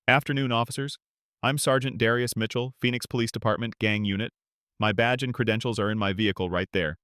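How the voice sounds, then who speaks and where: A man's voice: medium pitch, fairly even intonation, fairly quick, a bit bright, smooth, dry recording, clean studio sound, natural voice. Man voicing a composed, firm veteran police sergeant. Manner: composed, assertive.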